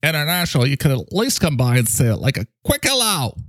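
A man voicing an overly cheerful man coaxing a friend to come over, in a high, sing-song, wheedling way. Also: very animated, a little fast, a bit bright, dry recording, clean studio sound.

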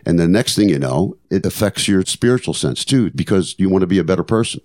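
A man's voice: sits low, expressive, brisk, darkish tone. An older man hosting a podcast, telling stories in an earnest, motivational way and repeating phrases for emphasis. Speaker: podcast host. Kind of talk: reflective storytelling monologue.

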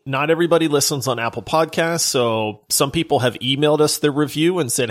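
A man co-hosting a casual gaming podcast, animated and quick to laugh, talking into a close mic at home. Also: on the high side. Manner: animated, laughing, does silly voices when reading. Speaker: podcast co-host. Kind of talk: casual chat.

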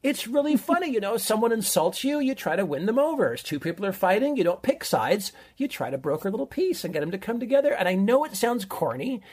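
Quick and hardly pausing, a middle-aged man talks in a high-pitched, sing-song voice that's a little mellow with a breathy edge. As a podcast co-host in casual chat, he enthusiastically recommends a show, rambling through his stories.

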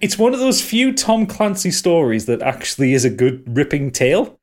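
Guy on a podcast, bit higher voice, rambly, lots of ums and restarts. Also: very animated, normal speed, darkish tone. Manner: rambling, many fillers and restarts. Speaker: podcast host. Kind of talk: casual film discussion.

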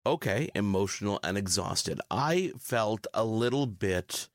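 A man from Canada, a tech journalist guest, explaining in a measured way during casual chat. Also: on the low side, lively intonation, dry recording, studio quality.

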